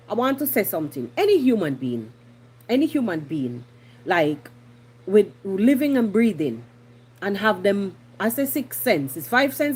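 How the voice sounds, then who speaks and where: A woman's voice: medium pitch, darkish tone, breathy edge. A woman from Jamaica with a Jamaican accent, hosting a podcast with indignant casual commentary and repeating herself for emphasis. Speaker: podcast host.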